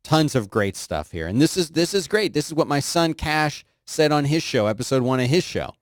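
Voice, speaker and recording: A man's voice: sing-song, moderate pace, dry recording. Joking podcast host man, dry studio sound. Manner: jokey, swings into high silly voices. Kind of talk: casual chat and news reading.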